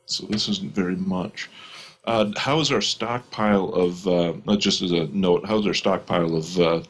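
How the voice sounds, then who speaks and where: A man playing a tabletop game, speaking in character in a measured, diplomatic way. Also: low-pitched, breathy edge. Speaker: player.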